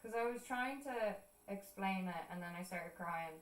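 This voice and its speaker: A woman's voice: medium pitch, moderate pace. A young Irish woman telling stories in casual chat, swearing freely and laughing often. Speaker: art streamer. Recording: roomy sound, distant mic.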